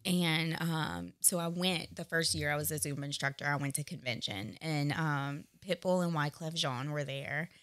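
A chatty woman in her thirties tells stories as a guest. Her voice sits a bit low and the recording is dry and close. She laughs often and acts out what people said. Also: moderate pace, hardly any pauses, a bit bright, no room sound. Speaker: guest, Zumba instructor and studio owner. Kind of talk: casual interview storytelling.

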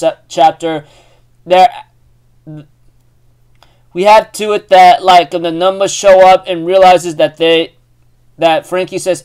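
A man giving a casual, rambling chapter recap, full of fillers and restarts. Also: high voice. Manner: rambling, filler-heavy, self-correcting. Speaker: anime recap host.

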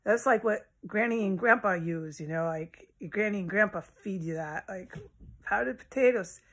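A woman's voice: mid-range voice, moderate pace. A woman vlogging from her house in a rambling, agitated monologue, swearing often and jumping between topics. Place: at home in a house.

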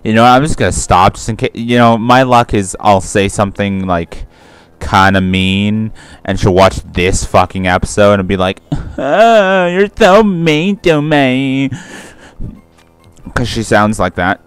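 Young dude rambling through a let's play, cussing a lot, smooth lowish voice, dry sound. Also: male voice, level tone, moderate pace, no room sound. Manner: rambling, profane, self-correcting. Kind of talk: casual rambling gameplay commentary.

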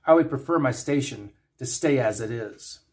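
A man voicing a calm and logical male alien science officer who speaks in a flat, precise way, in a fan story reading. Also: medium pitch, moderate pace, close to an everyday voice. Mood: dry.

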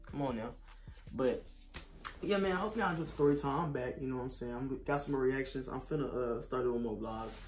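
A young man, telling a story in a casual vlog, animated and slangy, getting loud when he quotes himself. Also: mid-range voice, brisk, a little hiss or hum. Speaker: vlogger.

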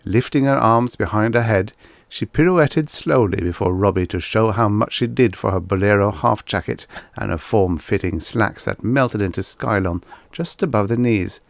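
A man reading a vintage science fiction story aloud in measured storyteller fashion. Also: lowish voice, vocal fry, dry recording. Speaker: audiobook narrator.

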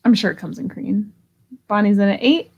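A woman's voice: mid-range voice, normal speed, gravelly, slightly rough, muffled recording. A woman hosting a live online auction, chatting casually and giggling as she reads out bids. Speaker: live sale host.

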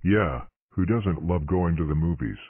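A man's voice: low voice, measured pace, slightly rough, dry recording, narrow, tinny audio, exaggerated voice. A man voicing an apologetic male cartoon logo letter in an earnest tone.

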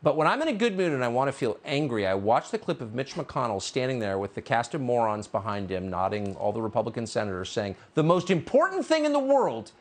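A man's voice: mid-range voice, lively intonation, quick pace, few pauses. A man hosting a cable news interview, talking in a sardonic, incredulous way with mocking asides. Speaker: TV news host.

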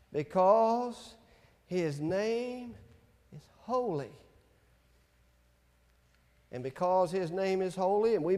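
Male pastor, deliberate and emphatic sermon delivery, unhurried pace, church sanctuary. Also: high voice, darkish tone, in a large hall. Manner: slow, emphatic preaching with scripture readings.

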